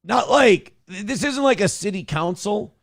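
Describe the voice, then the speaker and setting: A male morning-show host with a voice that sits a little high for a man, talking in loose, profane banter. He laughs easily and reads out chat messages as he goes. The sound is dry and close, with no room around it. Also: lively intonation, moderate pace, vocal fry, no echo.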